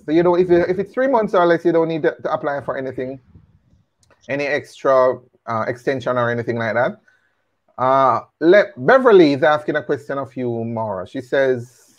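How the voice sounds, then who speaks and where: A man hosting a live stream interview, affably reading out viewer comments over lo-fi audio. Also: a little high. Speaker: host.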